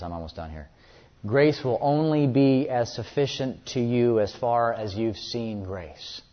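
Man preaching in an echoey hall. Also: medium pitch. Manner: earnest, repeats words when stressing a point. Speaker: pastor. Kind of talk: sermon. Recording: echoey hall, dull lo-fi sound.

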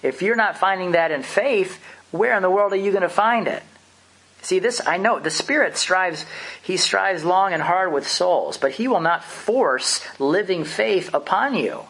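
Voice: medium pitch, expressive, a little slow, fairly bright tone, husky. A preacher delivering an impassioned, emphatic sermon, full of rhetorical questions.

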